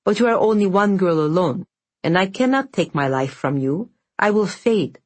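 A woman's voice: mid-range voice, animated, normal speed, a little mellow, natural voice. A woman voicing a thin, bent male house spirit who mumbles and slurs, weak and fading. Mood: weary. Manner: mumbling, slurring, defeated.

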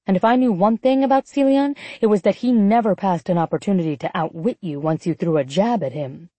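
With a mid-range voice and a brisk delivery, a woman narrates a first-person romance audiobook, giving the inner voice an expressive, sardonic edge. She voices the heroine's lines as well, and the recording has no room sound.

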